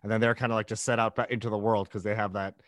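A man's voice: on the low side, level tone, very fast, fairly bright tone, no room sound, studio quality. A man hosting a podcast, chatting loosely with lots of fillers and agreeable replies. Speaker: podcast host. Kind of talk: casual interview chat.

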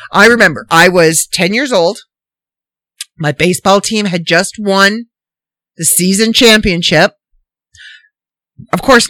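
A woman hosting a casual solo podcast, ranting in an animated, incredulous, rambling way. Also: fairly low pitch, dry recording. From Canada. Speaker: podcast host.

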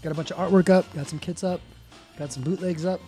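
Easygoing man with a higher voice. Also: steady tone, fast talker, warm tone, faint music behind. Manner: easygoing, chatty, chimes in with short reactions. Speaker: podcast co-host. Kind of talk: casual chat.

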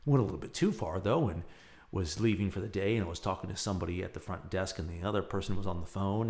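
A middle-aged man hosting his own show, talking casually in a loud, animated way and laughing at his own jokes. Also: low-pitched, fast talker. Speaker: podcast host. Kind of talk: casual monologue with dad jokes.

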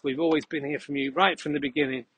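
A man's voice: on the high side, fairly even intonation, fast talker, gravelly, a bit bright, a little hiss or hum, poor audio. A man putting on the voice of a furious longtime podcast fan who rants and swears. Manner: ranting, threatening.

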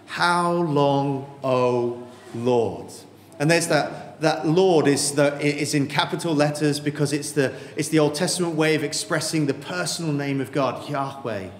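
A man preaching a sermon, earnest and emphatic, slowing down with dramatic pauses on key words. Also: on the high side, a little hiss or hum. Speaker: pastor. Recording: echoey hall with faint ambience.

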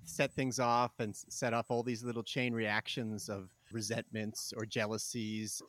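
A man hosting a podcast in a casual conversation, talking thoughtfully and pausing to search for words. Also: on the low side, level tone, a bit bright, no room sound. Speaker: podcast host.

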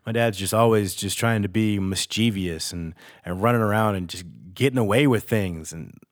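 A man's voice: lowish voice, normal speed. A man hosting a podcast, talking in a candid, rambling, emotional monologue and swearing freely. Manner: emotional and reflective. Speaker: podcast host. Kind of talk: casual spoken monologue.

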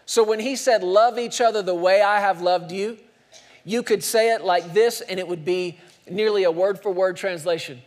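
High-voiced preaching man. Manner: dynamic preaching, slows and drops soft for emphasis, rises for punchlines. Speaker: pastor. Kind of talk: sermon.

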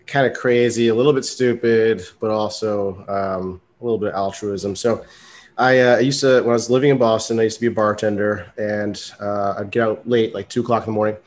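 A man's voice: fairly low pitch, fairly even intonation, a little fast. A man co-hosting a podcast, casually telling a story with fillers and frequent laughs. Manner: loose storyteller, laughs often, many fillers. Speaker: podcast co-host.

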